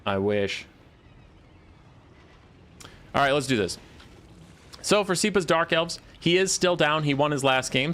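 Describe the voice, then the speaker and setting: A man's voice: mid-range voice, fairly bright tone. A young man casting a strategy game on a live stream, talking in a loose, rambling, sarcastic way. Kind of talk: casual live stream commentary.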